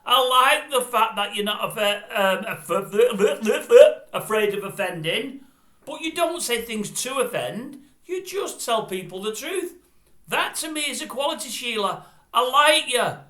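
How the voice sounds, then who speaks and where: Grumpy older bloke ranting to camera, blunt and rambly, highish bright voice, echoey room. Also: male voice, expressive, measured pace. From Britain. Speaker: vlogger. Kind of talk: opinionated monologue to camera. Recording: roomy echo.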